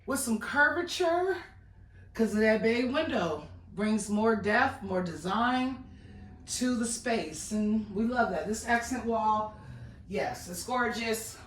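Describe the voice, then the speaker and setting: Woman, slow and bubbly, home tour host, echoey rooms, a bit distant from the mic. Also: on the high side, slight background noise. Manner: enthusiastic, gushing, exclaiming over details. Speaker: real estate agent giving a home tour. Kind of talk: casual walkthrough tour. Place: model home, walking through rooms.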